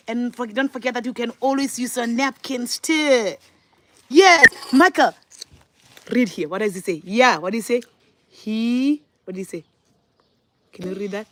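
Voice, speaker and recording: A woman filming a family vlog at home, talking to her young sons and her followers in a lively, encouraging way. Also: a little high, unhurried. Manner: animated, coaxing and praising her young sons. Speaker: vlogger and mother. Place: home, at a breakfast table.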